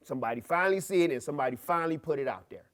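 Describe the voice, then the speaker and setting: Animated storytelling man. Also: rapid-fire. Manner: animated storyteller, acts out dialogue with big pitch jumps. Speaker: teacher and podcast guest. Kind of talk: storytelling in a podcast interview.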